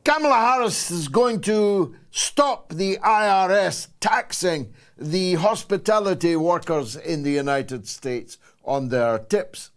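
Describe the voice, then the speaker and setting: A Scottish man in his sixties hosting a political talk show, delivering a sarcastic, emphatic monologue with dramatic pauses. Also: high voice. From Scotland. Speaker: host.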